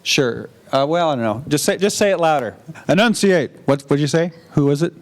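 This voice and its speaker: A man with a somewhat high, expressive voice speaks briskly as he presents a teaching workshop. Chatty and jokey, he draws answers out of the audience in a large room.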